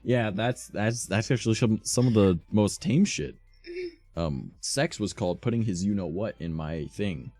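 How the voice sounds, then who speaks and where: A man streaming while reading fan fiction aloud, adding profane, deadpan asides in a slightly sore voice. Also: fairly low pitch, normal speed, no room sound, soft background music.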